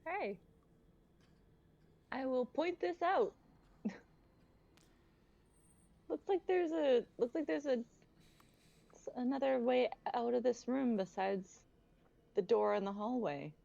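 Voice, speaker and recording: Woman player, mellow gravelly voice, dull lo-fi sound. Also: high-pitched, slow, pauses often. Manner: chatty, rules-minded. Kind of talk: casual tabletop play. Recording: dull lo-fi mic.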